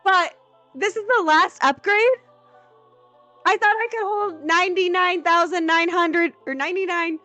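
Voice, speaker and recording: A woman streamer chatting casually while she plays a game. She bursts into excited squeals, then drops to a flat, deadpan voice. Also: measured pace, dry recording, soft background music. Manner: excitable, jumps into high-pitched exclamations, then goes flat and deadpan. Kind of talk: casual live gameplay commentary.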